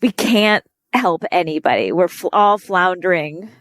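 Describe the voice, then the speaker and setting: A woman co-hosting a podcast, chatting in a casual comic way, reacting quickly and making fun of herself. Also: on the low side, lively intonation, no room sound. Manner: reactive, self-deprecating, quick interjections. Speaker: podcast co-host. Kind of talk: casual comedic chat.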